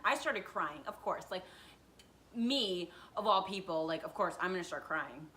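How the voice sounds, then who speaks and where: A young woman telling a storytime vlog, acting out quotes with big swings in loudness. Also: lowish voice, expressive, normal speed, slight background noise. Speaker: vlogger.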